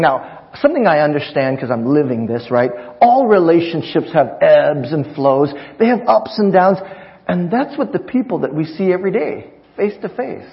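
A man's voice: fairly high pitch, expressive, normal speed. A pastor preaching a sermon, friendly and chuckling, acting out voices in his stories. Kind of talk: sermon with humorous story. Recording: dull recording in a reverberant church hall.

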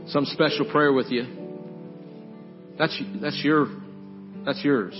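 A man's voice: on the high side, slow, long pauses, muffled recording, music in the background. A man preaching as a pastor, earnestly pleading and leading the congregation in prayer during an altar call.

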